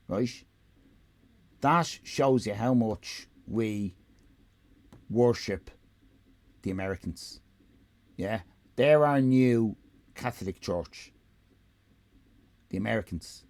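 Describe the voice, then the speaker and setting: A man's voice: mid-range voice, gravelly. An Irish man streaming live, giving rambling, sarcastic, profane commentary.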